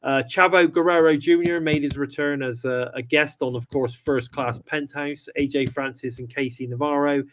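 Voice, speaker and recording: A man's voice: fairly high pitch, fairly even intonation, moderate pace, few pauses, fairly bright tone, a little hiss or hum, low-quality recording. Brief: male podcast co-host, loose rambling talk. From United Kingdom. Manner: chatty, rambling with frequent restarts and laughs. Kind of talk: casual wrestling review chat.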